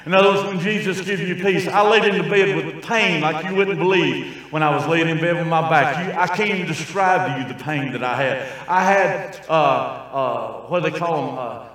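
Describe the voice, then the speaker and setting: Older male preacher, raw folksy delivery, highish voice, booming church echo. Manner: raw, folksy preaching that swings from quiet asides to shouting. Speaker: traveling preacher. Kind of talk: sermon. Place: large church hall. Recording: very echoey church sanctuary, distant mic.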